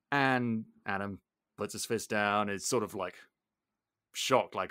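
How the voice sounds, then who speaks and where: A man hosting a podcast, retelling a film plot in animated, jokey casual chat. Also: on the low side, slow, long pauses, clean tone, no echo, studio quality. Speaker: podcast host.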